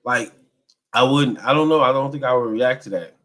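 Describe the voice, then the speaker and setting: A man in casual podcast chat, talking quickly and trailing off as he thinks aloud. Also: medium pitch, a bit bright. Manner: quick, searching, trails off mid-thought. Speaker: podcast co-host.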